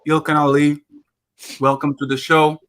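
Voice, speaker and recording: Bright-voiced blunt young man hosting. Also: a little high, flat delivery, moderate pace. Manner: blunt, crude, swings from loud to muttered. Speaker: podcast host. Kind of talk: casual panel debate.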